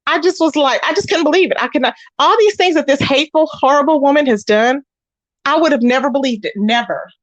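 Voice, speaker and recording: A woman with a high, bright-sitting voice spills online drama to her viewers in casual commentary. She tells it in an animated way and slips into the voices of the people she quotes. The sound is dry and close, with no room around it. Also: a little fast, dry recording, dull audio. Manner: animated storytelling, acts out quoted voices, talks straight to viewers. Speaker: commentary channel host.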